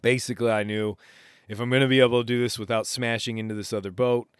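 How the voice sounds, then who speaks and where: A man hosting a podcast, casually retelling an adventure in a rambling, animated way with self-interrupting restarts. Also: mid-range voice, fast talker, clear, resonant tone, no room sound, studio quality. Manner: rambling, animated retelling with laughs and acted quotes. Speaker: podcast host. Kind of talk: casual storytelling monologue.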